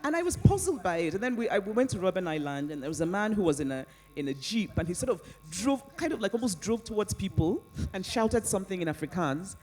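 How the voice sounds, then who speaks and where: A woman, an author, answering audience questions on stage in an animated way, often laughing and restarting her sentences. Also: medium pitch, fast, few pauses. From Nigeria. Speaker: author guest at a book festival. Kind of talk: onstage conversation and audience Q&A.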